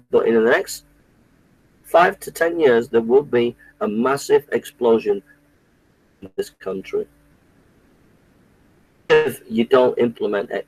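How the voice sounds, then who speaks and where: A man's voice: medium pitch, vocal fry, husky, no echo, poor audio. A man delivering an indignant, repetitive political rant, often restarting his sentences. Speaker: political commentator. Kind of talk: impassioned monologue to camera.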